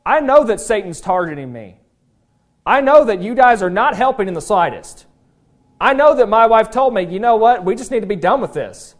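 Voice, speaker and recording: A preacher playing a battered older man standing up to his friends, pitched higher and louder than the preacher's own voice and swinging widely as he declares his faith. The delivery is emphatic and declaiming throughout. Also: very animated, moderate pace. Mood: defiant.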